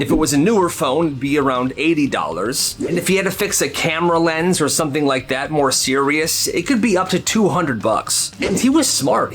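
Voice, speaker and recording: A man's voice: on the high side, fairly bright tone. A man narrating school stories with dramatic flair and wry asides. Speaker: storyteller. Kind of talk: storytelling narration. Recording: music clearly behind voice.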